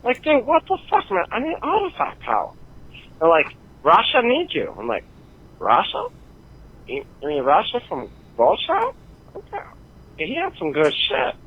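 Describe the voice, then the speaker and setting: A man's voice: high-pitched, huge pitch swings, moderate pace, slightly rough, heavily acted. A man voicing a crude, foul-mouthed male gamer who rants in a profane, rambling way, heard over a phone-line recording. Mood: ranting. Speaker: listener calling in. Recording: tinny phone-line voicemail.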